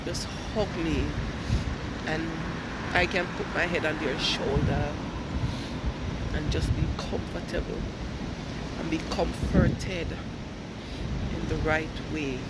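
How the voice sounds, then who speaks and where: Tearful Jamaican man, loud train noise. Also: a little high, fairly even intonation, slow, pauses often. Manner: tearful, pleading, heartfelt. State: crying. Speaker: immigrant sharing feelings. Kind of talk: emotional personal monologue. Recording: loud vehicle noise behind.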